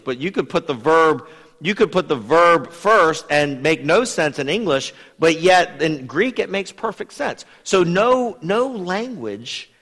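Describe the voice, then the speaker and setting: A man with a fairly high, very lively voice teaches a Bible study, talking conversationally and turning to put questions to his listeners. A long hall reverb trails behind his words. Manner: lively, asks the audience questions.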